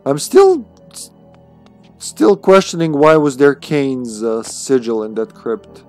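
A man's voice: mid-range voice, expressive, takes it slowly, darkish tone, faint music behind. A man streaming a video game, chatting casually and playfully, often laughing at himself. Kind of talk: casual gameplay commentary.

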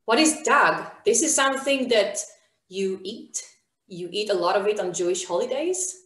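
A woman's voice: medium pitch, lively intonation, moderate pace, fairly bright tone, echoey room. A woman teaching an online beginner Hebrew class, encouraging and calling on students by name.

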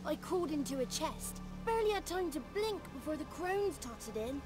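A woman's voice: sits high, sing-song, normal speed. A woman voicing a scrappy, nervous young boy godling in a video game, talking in a rustic folksy dialect. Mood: telling. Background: game music.

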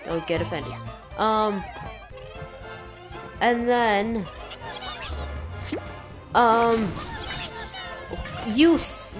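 A woman commentates a video game in a put-on, imitation Cockney accent. Her delivery is slow and unhurried, and she jokes and swears mildly as she plays. Game music plays clearly behind her. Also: mid-range voice. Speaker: let's play host. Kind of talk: blind gameplay commentary.

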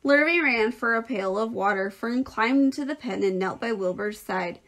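A woman's voice: a little high, normal speed, fairly bright tone. Woman teacher reading a storybook aloud. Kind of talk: reading a children's book aloud.

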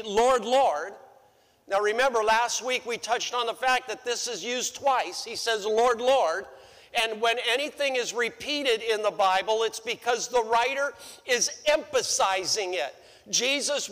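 A man's voice: very high-pitched, a bit bright. A male pastor preaching a sermon in a church, repeating phrases for emphasis. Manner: repeats phrases for emphasis, rises sharply when acting out quotes. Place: church sanctuary. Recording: long church-hall reverb.

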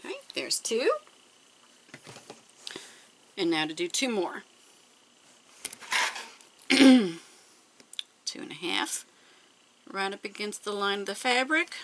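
A woman's voice: mid-range voice, very animated, slow pace, long pauses, background noise. A woman hosting a quilting tutorial, talking through each step casually and counting measurements aloud as she works. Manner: talks to herself while working, counting measurements aloud. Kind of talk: casual step-by-step craft demonstration.

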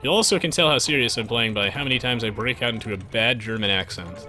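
A man's voice: medium pitch, quick pace, sharp tone, soft background music. A man giving playful, jokey commentary while live-streaming a strategy game, chatting with viewers. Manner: playful, jokey, bursts into silly voices. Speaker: gaming streamer.

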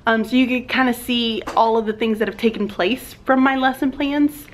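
A rambling, chatty woman talks casually to her vlog viewers from her classroom. Her voice sits a little high for a woman, and she fills her talk with ums and likes. She sounds like a teacher in her thirties. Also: steady tone, normal speed, a little hiss or hum. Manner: rambling, chatty, many fillers. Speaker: teacher vlogger. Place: empty classroom with lights off.

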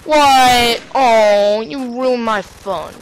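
A woman's voice: a little high, very slow, low-quality recording. Sarcastic woman narrating a shooter game. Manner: sarcastic, jokey, talks to game characters. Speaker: let's play commentator. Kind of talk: casual gameplay commentary.

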